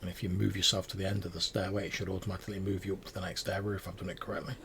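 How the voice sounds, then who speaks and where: A man's voice: deep voice, level tone, very fast, gravelly, a bit bright, a little hiss or hum. A man narrating a tabletop game as game master, with loose, rambling descriptions.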